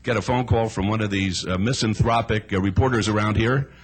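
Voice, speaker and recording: A man serving as mayor, telling a story at a council meeting and acting out the quotes, with shouting at times. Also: lowish voice, fairly even intonation, fairly quick, slightly rough.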